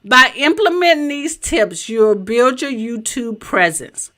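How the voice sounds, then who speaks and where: A woman with a Southern US accent, a business coach in her home office, teaching in a chatty, animated way straight to her viewers over a webcam mic. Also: takes it slowly. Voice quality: a little high-pitched. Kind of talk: live-streamed teaching presentation.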